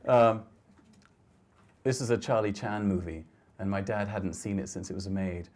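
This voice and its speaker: A middle-aged man with a low, mellow voice talks through his photographs in a lecture hall. He speaks gently and thoughtfully, often stopping to restart his sentences. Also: steady tone, normal speed. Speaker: photographer giving a talk. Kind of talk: reflective slide talk.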